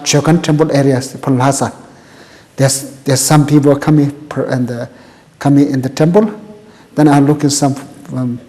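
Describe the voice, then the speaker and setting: Older Tibetan-accented man in halting English. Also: a little high, warm tone, in a large hall. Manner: halting, repeats words, plain broken English. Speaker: interviewee. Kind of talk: oral history interview.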